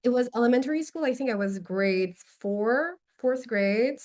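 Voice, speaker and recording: A woman guest on a podcast telling a personal anecdote in a lively, candid way, swearing casually and openly admitting when it moves her. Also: a little high, moderate pace. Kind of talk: conversational storytelling.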